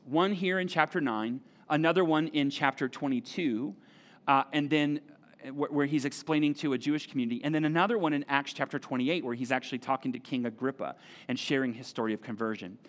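Animated preaching man, slightly high voice. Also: a little fast. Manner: animated, conversational preaching with repeated phrases. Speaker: pastor. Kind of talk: sermon. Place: church auditorium.

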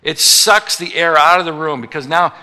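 A man with a slightly high, piercingly bright voice delivers a sermon, teasing the congregation and slipping into quick acted voices for the people in his examples. His words ring out with the long reverb of a big sanctuary. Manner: jokey, acts out little voices for the people he quotes. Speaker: pastor. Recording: long reverb of a large hall.

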